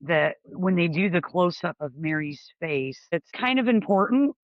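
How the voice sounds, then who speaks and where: A podcast co-host adding thoughtful comments in a relaxed conversation, hesitating with ums. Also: medium pitch, measured pace, no echo, lo-fi sound. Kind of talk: casual conversation.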